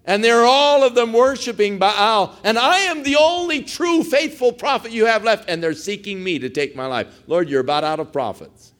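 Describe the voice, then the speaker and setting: A man acting out a frantic, self-pitying old prophet who pleads in a high, urgent voice. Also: moderate pace, few pauses, a bit bright. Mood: desperate pleading.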